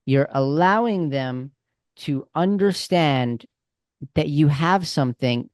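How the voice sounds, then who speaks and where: A man coaching someone in a casual, animated way with friendly slang. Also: on the high side, slow, no room sound, clean studio sound. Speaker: communication coach. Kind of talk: coaching over a call.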